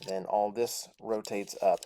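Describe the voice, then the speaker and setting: A man's voice: lowish voice, little pitch movement, measured pace, warm tone, slight background noise. Chatty man reviewing a toy. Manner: chatty, thinking aloud while handling the toy. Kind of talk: casual toy review while transforming a figure.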